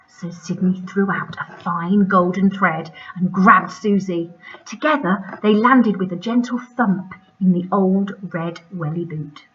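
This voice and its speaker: A female primary school teacher reading a storybook aloud to children in an expressive, sing-song manner, on a muffled recording. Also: lowish voice, measured pace.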